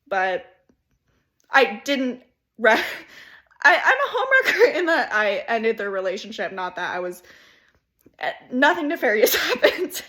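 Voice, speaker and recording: A woman's voice: high voice, lively intonation, a little slow, fairly bright tone. A young woman, a student, gives a comedic how-to speech, rambling, mocking herself and laughing through her words. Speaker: student giving a class video speech.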